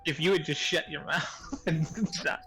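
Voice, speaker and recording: A man's voice: a little high, measured pace, pushed and bright, soft background music, poor audio. A man playing a tabletop game over an online call, joking and laughing often. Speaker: player. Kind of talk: casual tabletop chat.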